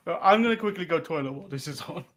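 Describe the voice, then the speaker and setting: Male co-host, bright tone, lively pitch, teasing, laughs a lot. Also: a little fast. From England. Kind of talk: casual live-stream chat.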